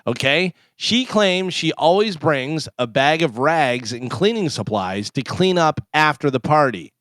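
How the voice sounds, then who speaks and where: A man co-hosts a morning radio show and teases the host in quick, chatty banter while reading out odd news stories. His voice sits on the higher side and moves lively up and down. The studio sound is dry. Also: dry recording.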